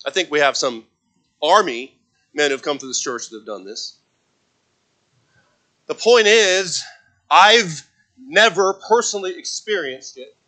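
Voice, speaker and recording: A man preaching a sermon as pastor, telling a story with many restarts and fillers and acting out shouted voices. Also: on the high side, animated, a little slow, long pauses, low-quality recording. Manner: acts out shouted voices in his stories. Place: church.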